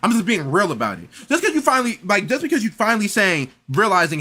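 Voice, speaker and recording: A man's voice: high voice, big pitch swings, fast, hardly any pauses, bright, forceful tone. A young man reacting to a video in casual commentary, incredulous and stammering through restarts.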